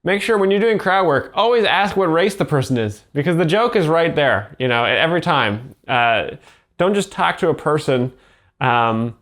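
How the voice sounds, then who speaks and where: Deadpan mock-serious male commentator. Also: on the high side. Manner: deadpan, fake-sincere, with halting fillers. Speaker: comedy video host explaining jokes. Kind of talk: mock-earnest comedy commentary.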